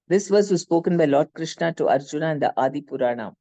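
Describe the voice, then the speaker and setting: In a class, a speaker with an Indian English accent retells a scripture story with lots of animation, frequently correcting themselves partway through sentences. The voice sits in the mid range and moves fast, and the high frequencies are cut off.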